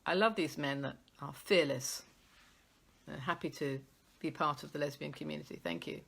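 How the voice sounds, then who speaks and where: A woman's voice: low voice, moderate pace, vocal fry, a bit bright, breathy edge. A British woman hosting a live poetry stream, chatting in a rambling, self-deprecating way and reading her own poems.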